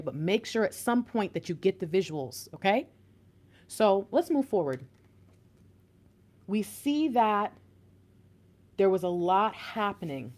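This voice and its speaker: Woman tarot reader, chatty, emphatic, talks to viewers directly. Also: fairly high pitch. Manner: chatty, emphatic, laughs often; addresses viewers directly, warm teasing asides. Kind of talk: spiritual tarot reading.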